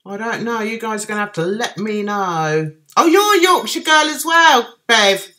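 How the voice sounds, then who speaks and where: This Cockney-accented, middle-aged London woman has a slightly high, bright, forceful voice, animated and at a normal pace. She's having a casual chat on a livestream, replying to comments from viewers.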